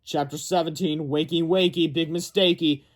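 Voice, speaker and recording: A man's voice: a little high, steady tone, moderate pace. Man reading a kids' book aloud. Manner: stumbling, self-correcting. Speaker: read-aloud narrator.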